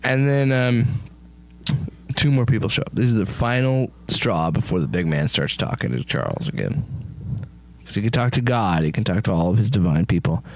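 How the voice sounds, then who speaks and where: A young man co-hosting a comedy talk show, rambling through a profane movie pitch with lots of laughter. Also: expressive, moderate pace. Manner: rambling, laughing, profane storytelling with acted quotes. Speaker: podcast co-host pitching a movie. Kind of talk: casual comedic chat.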